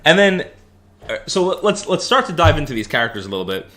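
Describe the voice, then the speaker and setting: A man's voice: on the high side, fast talker, background noise. A man co-hosting a podcast, retelling movie scenes in casual chat, often stopping to restart. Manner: animated storytelling, hesitant. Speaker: podcast co-host.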